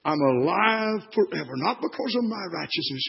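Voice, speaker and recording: An older man delivers a sermon in a husky, high voice. His pitch leaps and falls as he swings from near-whispers to impassioned shouts. The recording is dull and lo-fi. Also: lively intonation, moderate pace. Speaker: preacher.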